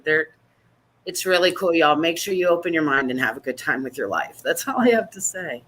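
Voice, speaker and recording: A woman hosting a support group meeting online, chatting and teasing in a lively, casual way. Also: low voice, brisk, rough recording.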